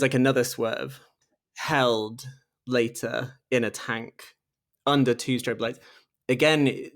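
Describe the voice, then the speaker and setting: Enthusiastic man doing a close reading. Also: mid-range voice. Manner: enthusiastic, says "like" and "right?" a lot. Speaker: podcast host. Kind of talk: close reading in casual conversation.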